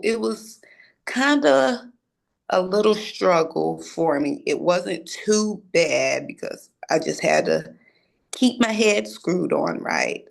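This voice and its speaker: A woman's voice: mid-range voice, creaky. A young adult woman telling a personal story in a casual way, acting out the conversations she had. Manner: acts out conversations, casual and animated. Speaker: storyteller, recent graduate.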